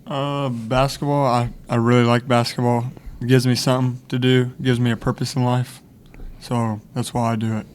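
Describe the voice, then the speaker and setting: A man's voice: medium pitch, little pitch movement, moderate pace, a little mellow, clear, resonant tone. A young man, a student athlete, answering interview questions briefly and matter-of-factly. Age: young adult. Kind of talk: casual interview chat.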